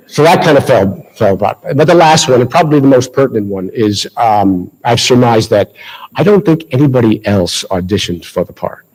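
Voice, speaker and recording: Husky man with a Boston accent. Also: mid-range voice, normal speed, rough recording. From Massachusetts. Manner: anecdotal, self-deprecating, lively retelling. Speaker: ceremony speaker. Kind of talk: storytelling speech. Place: school ceremony hall. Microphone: handheld mic.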